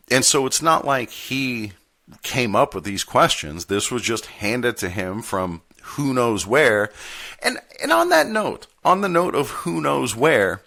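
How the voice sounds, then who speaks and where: A man with a lowish but bright, forceful voice tells a story on his podcast. His pitch rises and falls with animation, and his manner is wry and candid as he reads documents aloud. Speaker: podcast host and postal union steward. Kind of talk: storytelling monologue.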